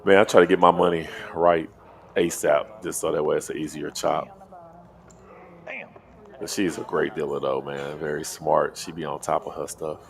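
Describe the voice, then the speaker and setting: A man working as a poker dealer, with a deep radio voice, bantering casually on a live stream. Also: little pitch movement, normal speed, vocal fry.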